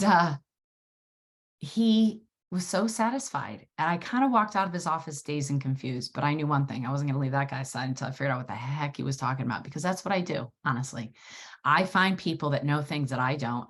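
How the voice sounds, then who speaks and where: A woman hosting a solo podcast, telling a personal story in a lively, wordy way and swearing freely. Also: rumbling low. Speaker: podcast host.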